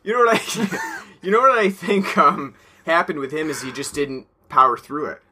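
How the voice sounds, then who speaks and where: A man with a bright, slightly high voice, chatting easily with a co-host. He keeps a loose, laid-back rhythm, laughs readily and fills gaps with ums and likes. The talk stays unhurried and friendly. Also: a little hiss or hum. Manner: laid-back, laughs often, trails off with fillers. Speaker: podcast co-host. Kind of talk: casual chat.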